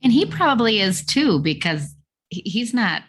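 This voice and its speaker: A woman on a podcast, chatting casually about a TV episode with brief, measured remarks. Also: medium pitch, sing-song, a bit bright, slightly rough. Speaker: podcast co-host.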